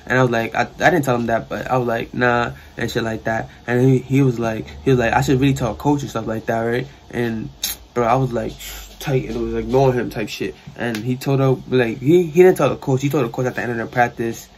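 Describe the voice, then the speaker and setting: Fast-talking young New York man. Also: medium pitch, slight background noise. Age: young adult. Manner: rambling, slangy, animated retelling. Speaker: storyteller vlogger. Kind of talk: casual storytime. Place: sister's room.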